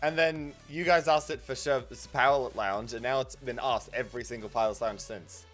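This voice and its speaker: A man's voice: medium pitch, fairly even intonation, normal speed, a bit bright, soft background music. A young man hosting a casual stream chat, reading viewer messages aloud, rambling with many fillers and frequent giggles. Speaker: streamer host.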